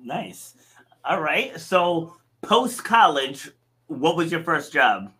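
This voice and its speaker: A man in his forties hosting a podcast interview, chatty and relaxed, who laughs easily. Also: a little high, slow pace. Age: 40s. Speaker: podcast host. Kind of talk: casual interview chat.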